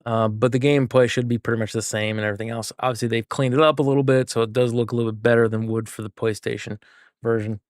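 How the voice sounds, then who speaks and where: A man's voice: mid-range voice, fairly even intonation, quick pace, dry recording, studio quality. A man streaming a game, chatting with viewers and thinking aloud as he works through a puzzle. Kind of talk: casual live gameplay chat.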